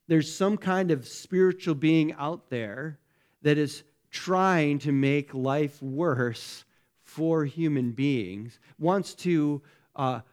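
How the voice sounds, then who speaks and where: A man's voice: fairly high pitch, a little mellow. A man preaching a sermon as pastor, speaking conversationally and tagging many lines with rhetorical questions. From United States.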